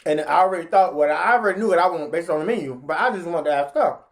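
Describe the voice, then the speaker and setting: A woman telling a story in a casual vlog, chatty and slangy, talking straight to her viewers. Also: very fast. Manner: animated, jumps into high pitch when acting out what people said.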